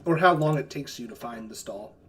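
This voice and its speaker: A man's voice: mid-range voice, animated, fairly quick, background noise. A man running a tabletop game as game master, narrating casually with lots of fillers and swearing. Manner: rambling, filler-heavy, casual cursing.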